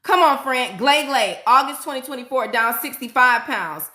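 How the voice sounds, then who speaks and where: A middle-aged woman nurse hosting a casual livestream, excitedly reading viewers' comments aloud and hyping them up. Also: high voice, moderate pace, echoey room. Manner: excitable, hypes viewers up, frequent "y'all".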